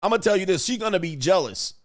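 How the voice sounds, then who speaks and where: A man hosting a livestream, ranting casually and profanely while acting out quotes in animated bursts. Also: high-pitched, rapid-fire. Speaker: livestream host. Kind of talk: casual commentary rant.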